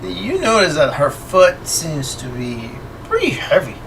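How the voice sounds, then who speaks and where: A man narrating as game master of a tabletop horror game, unhurried and filling pauses with fillers. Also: on the high side, huge pitch swings, creaky, a bit bright, far from the mic, a little hiss or hum, rough recording.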